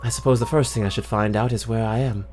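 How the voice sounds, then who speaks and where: A man's voice: on the low side, fairly even intonation, fast, a little mellow, faint music behind, natural voice. A man putting on Alice, puzzled and mock-British. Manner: mock-British, talks to herself. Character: young woman Alice, puzzled and chatty, in a British accent. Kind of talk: reading game text in character.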